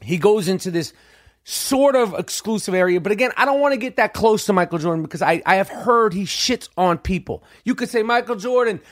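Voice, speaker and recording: Profane, high-voiced New storyteller. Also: male voice, brisk, no room sound, studio quality. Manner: animated, profane, acts out quotes. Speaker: podcast host.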